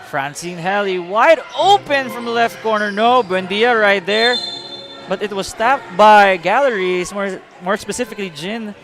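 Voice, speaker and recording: Casting note: Filipino man, play-by-play caller, high voice, brisk. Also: a bit bright, soft background music. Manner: brisk, switches between English and Filipino mid-sentence. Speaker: play-by-play commentator. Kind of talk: live basketball commentary.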